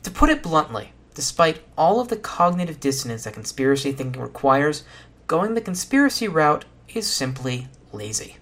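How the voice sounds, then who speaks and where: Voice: medium pitch, very animated, moderate pace, a bit bright. A podcast host giving a solo science explanation in a casual, dry and sardonic way, with some fillers.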